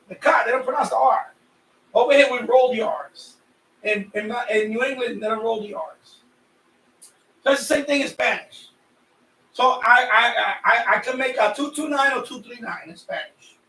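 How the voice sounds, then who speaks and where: A chatty man with a high, slightly bright voice, raised in New York by a Puerto Rican family, hosts a radio hobby live stream. He rambles and repeats himself in casual chat, sweaty from the heat. The room is echoey and his voice sounds a bit distant.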